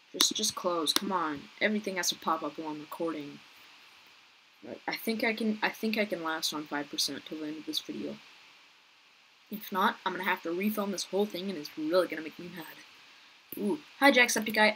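A woman talking through an online game for her viewers, chatty and quick to get frustrated. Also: lowish voice, a bit bright, a little hiss or hum. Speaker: gaming YouTuber. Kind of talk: casual gameplay commentary.

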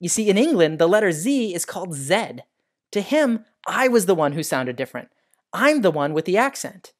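An American man hosting a science lesson for kids, telling stories in a friendly, animated way. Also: high-pitched, moderate pace. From United States. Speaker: educational show host.

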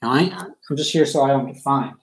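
A man's voice: medium pitch, fast talker, vocal fry, poor audio. A man from Maryland chatting casually on a live stream, self-deprecating and full of ums and uhs. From Maryland, USA. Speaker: live-stream card breaker. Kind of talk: rambling live-stream chat.

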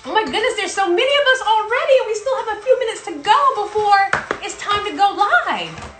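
A woman's voice: very high voice, big pitch swings, a little fast, reverberant, over music. A woman from South Carolina with a Southern accent, hosting a playful, chatty livestream show from her home. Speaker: host. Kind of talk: casual livestream chat. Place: home in Brooklyn.

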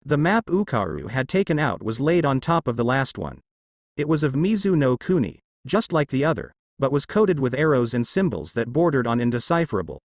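A man narrating a fan fiction story in an expressive reading. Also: medium pitch, a little fast, no room sound. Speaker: story reader.

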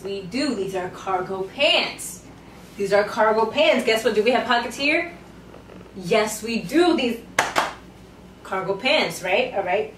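Young woman, chatty try-on haul talk, playful and sassy, echoey room, mic set back. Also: medium pitch. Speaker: fashion vlogger. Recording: roomy, mic far off, faint noise.

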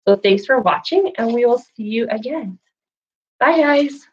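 A woman leading a children's story time and craft lesson, speaking in a sing-song, animated way and doing animal sounds for kids. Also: a little high, unhurried, dull audio, a little hiss or hum. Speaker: children's librarian.

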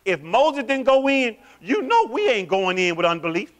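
Animated, high-voiced preaching man. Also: normal speed. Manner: animated, quizzes the congregation with call-and-response questions. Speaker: pastor. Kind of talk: sermon.

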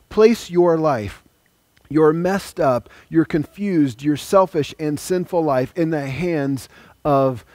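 A man's voice: on the high side, darkish tone, no room sound. Earnest pastor man preaching. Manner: earnest, pleading, invites listeners to pray along. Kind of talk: sermon.

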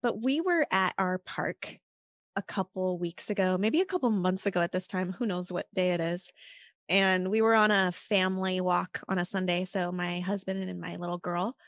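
A woman's voice: lowish voice, normal speed, dry recording, studio quality. Chatty woman telling a story. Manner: earnest, chatty, many "like" and "you know" fillers. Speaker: podcast guest, mother of a child with disabilities. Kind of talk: casual personal storytelling.

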